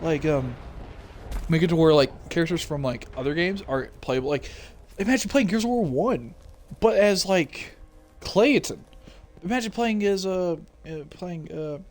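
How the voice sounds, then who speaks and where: A young man hosting his own casual talk show, rambling excitedly about games with lots of fillers. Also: on the high side, measured pace, soft background music. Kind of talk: casual solo gaming chat. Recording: noisy home recording.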